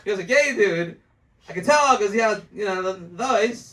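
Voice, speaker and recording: A man's voice: high-pitched, expressive, moderate pace, a bit bright, distant mic, a little hiss or hum. A man doing stand-up, rambling and profane, laughing at his own jokes. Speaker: stand-up comedian. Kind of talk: stand-up storytelling.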